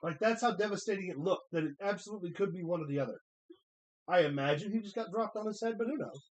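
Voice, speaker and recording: A man co-hosting a wrestling watch-along, talking in casual banter, excitable, swearing often and laughing a lot. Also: sits high, quick pace, rough recording.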